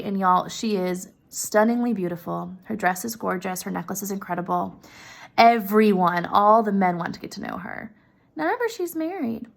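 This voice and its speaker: A woman's voice: a little high, gravelly. A woman casually retelling a classic story, chatty and openly opinionated about the characters.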